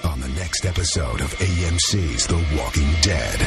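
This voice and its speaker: A man voicing a solemn TV promo announcer, speaking in slow, measured tones. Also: rumbling low, animated. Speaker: trailer announcer. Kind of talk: TV promo voice-over. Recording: TV trailer clip with loud music.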